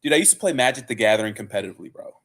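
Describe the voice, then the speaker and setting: A man's voice: mid-range voice, animated, very fast, a bit bright. A young man casually chatting on a livestream, rambling and swearing with lots of fillers and "bro". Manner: loose, profane, rambling with many fillers and "bro". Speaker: livestream host. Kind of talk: casual livestream chat reading viewer comments.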